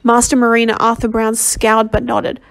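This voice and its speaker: A woman reads a novel aloud as a volunteer, her voice sitting a little high for a woman. She is slightly under the weather, and she often stumbles and goes back to fix a word. It is a plain amateur reading. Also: monotone, gravelly. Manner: halting reading with frequent self-corrections. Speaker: volunteer audiobook reader.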